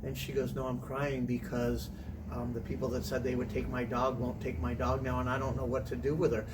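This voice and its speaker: Middle-aged man, chatty animated storyteller, recorded from a distance. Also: mid-range voice, fairly quick. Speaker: interview guest, former teacher. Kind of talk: casual storytelling. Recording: distant mic with faint room noise.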